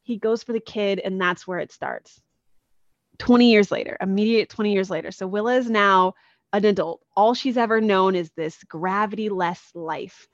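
On a podcast, a woman with a medium-pitched voice and moderate pace casually walks through a comic book story, full of energy and performing the characters' dialogue. The recording is muffled and has no room sound.

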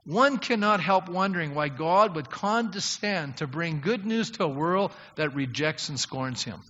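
A man's voice: a little high, lively intonation, measured pace. Emphatic male pastor in echoing sanctuary. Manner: emphatic, rising to loud appeals; conversational, addresses congregation directly. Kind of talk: sermon. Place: church sanctuary. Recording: long hall reverb, dull lo-fi sound.

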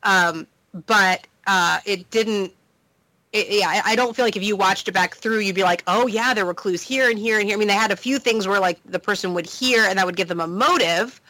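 Woman cohost, kinda hesitant, lots of ums, bright voice, dry close sound. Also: medium pitch, normal speed, dry recording, low-quality recording. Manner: hesitant, thinking aloud. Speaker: podcast co-host. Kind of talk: casual discussion.

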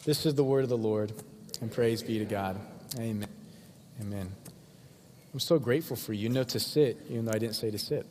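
A man's voice: lowish voice, brisk, pauses often, a little mellow, a little hiss or hum. A man preaching a sermon in a church, in a casual, conversational way. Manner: casual and conversational, acts out voices of the crowd. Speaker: pastor. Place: church sanctuary. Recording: long hall reverb.

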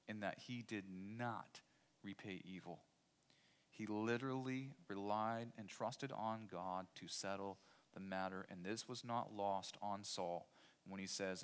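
A man's voice: fairly low pitch, a bit bright. A man preaching a sermon as pastor, emphatic, repeating key phrases and putting rhetorical questions to his listeners.

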